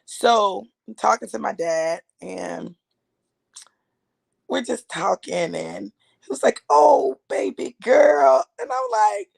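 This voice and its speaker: Fifties lady talking straight to her viewers, lots of gravel in her voice, chatty and emphatic, calls everyone y'all. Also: mid-range voice, very animated, slow, long pauses, dry recording. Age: 50s. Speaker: author and speaker. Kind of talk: casual storytelling to viewers.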